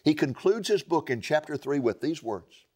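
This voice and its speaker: A man's voice: a little high, expressive, normal speed, dark tone. A male preacher delivering a sermon, building drama with rhetorical questions.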